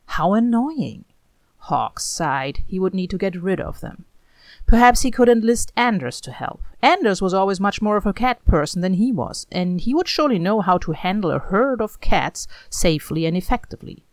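A woman narrating a story aloud in an expressive, animated reading style. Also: mid-range voice, normal speed, no room sound.

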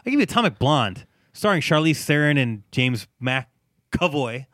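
A man hosting a podcast, chatting casually about movies, emphatic and quick to laugh. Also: a little high, big pitch swings, a bit bright, dry recording, clean studio sound. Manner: emphatic, laughs often, urges listeners. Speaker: podcast host.

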